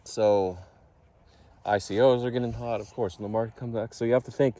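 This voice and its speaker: A man's voice: medium pitch, steady tone, a little fast, mellow. A man vlogging casually, rambling and correcting himself as he thinks aloud.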